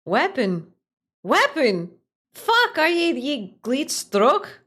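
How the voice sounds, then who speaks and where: A woman voicing a shouting Scottish man who fusses over his pet while she reads game dialogue in character. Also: sits high, wildly swooping pitch, drawn-out words, pitched above the performer's own voice, exaggerated voice. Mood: shouty, excitable. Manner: loud, keeps yelling one word over and over.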